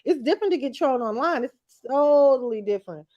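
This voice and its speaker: A woman's voice: high voice, expressive, quick pace, a little mellow, muffled recording. A woman co-hosting a casual reality-TV recap chat, blunt and slangy, laughing often. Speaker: podcast co-host.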